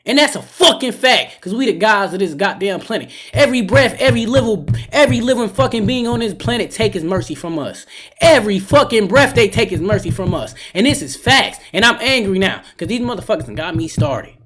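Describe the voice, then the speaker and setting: A man's voice: sits high, animated, brisk, a bit bright. A man streaming live on a phone, reacting to a film with impassioned, profane, preachy talk.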